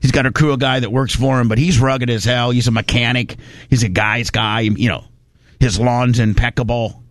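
A man's voice: medium pitch, normal speed, no room sound, clean studio sound. A man from Indiana, telling a rambling, folksy story in casual chat. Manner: rambling, folksy, animated when quoting people.

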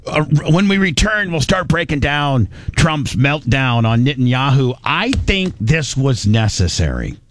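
A man's voice: medium pitch, very animated, a little slow, hardly any pauses. Sarcastic blunt talk radio man. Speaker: radio show host. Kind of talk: mocking talk radio commentary.

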